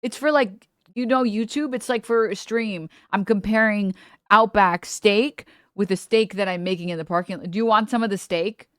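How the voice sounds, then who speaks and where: A woman's voice: a bit bright, dry recording, clean studio sound, close to an everyday voice. A woman acting out a panicked young woman streamer who insists on her innocence. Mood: insistent. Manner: high, rushed, insistent.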